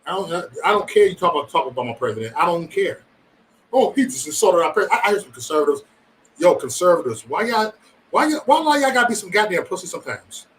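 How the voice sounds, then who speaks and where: A man's voice: high-pitched, fast, far from the mic, a little hiss or hum, low-quality recording. A man hosting a casual livestream, chatting loosely and profanely with his viewers. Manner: loose, profane, animated banter with chat. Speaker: livestream host.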